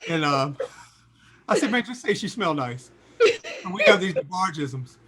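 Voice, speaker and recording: A man in his sixties telling stories as a guest in an interview, acting out the quotes in a lively voice. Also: moderate pace, husky. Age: 60s. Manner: lively storyteller, voices quotes with big pitch jumps. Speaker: singer and guest. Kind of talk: animated storytelling interview.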